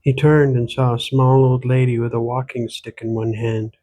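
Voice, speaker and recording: A man, the author, reading his own gothic horror novel aloud in steady, measured storytelling. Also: medium pitch. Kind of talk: audiobook narration.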